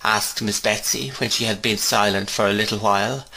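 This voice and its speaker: A man narrating a classic novel in a measured, expressive reading. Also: on the low side, creaky, a little hiss or hum, poor audio. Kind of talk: storybook reading for learners.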